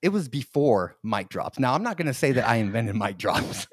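A man's voice: mid-range voice, normal speed, slightly rough, dry recording. A man in his forties hosting a podcast, telling funny stories in a casual chat, laughing often and acting out the quotes. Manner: animated storyteller, laughs often, acts out quotes. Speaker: podcast host.

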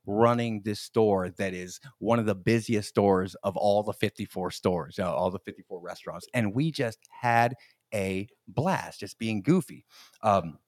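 A man's voice: on the low side, unhurried, no room sound, clean studio sound. A man in his forties hosting a podcast, telling funny stories in a casual chat, laughing often and acting out the quotes. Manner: animated storyteller, laughs often, acts out quotes. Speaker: podcast host.

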